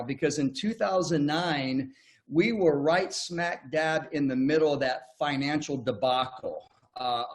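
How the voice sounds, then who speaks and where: An older American man, somewhat high-voiced, presents over a video call. He tells his story in a folksy, homespun manner, often restarting his sentences as he goes. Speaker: network marketing presenter. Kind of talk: online business presentation.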